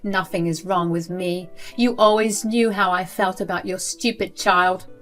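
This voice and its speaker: A woman's voice: on the low side, steady tone, a little slow, a bit bright, soft background music. A woman voicing a cold, spiteful older woman who runs a school, speaking in a cruel, dismissive way. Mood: contemptuous.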